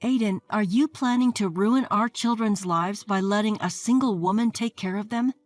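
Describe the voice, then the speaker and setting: A woman's voice: medium pitch, normal speed, faint music behind, lightly acted. Woman doing a pushy sarcastic sister-in-law. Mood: scolding. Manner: sarcastic, righteous and demanding. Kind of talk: scripted story narration.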